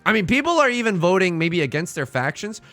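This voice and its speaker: A young man streaming a game live, excitable and joking as he reads the game text aloud to his chat. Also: high-pitched, fast, faint music behind.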